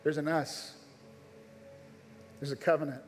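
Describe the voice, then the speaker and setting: A pastor preaches at a live church service, making earnest, urgent appeals directly to his listeners. His fairly high voice stays flat at a measured pace, with faint music behind and the long reverb of a large church hall.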